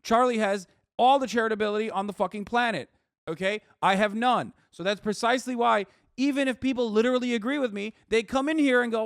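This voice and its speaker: A man's voice: very high voice, a little fast, vocal fry, clean tone, dry recording, studio quality. A man streaming live, reacting to clips and answering chat in a heated, profane rant. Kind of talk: livestream reaction commentary.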